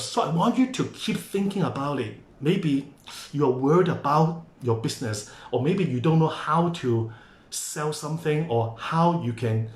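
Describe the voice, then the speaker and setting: A man's voice: fairly high pitch, darkish tone. A man giving an enthusiastic motivational talk, coaxing listeners to join in. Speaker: motivational speaker. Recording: echoey room.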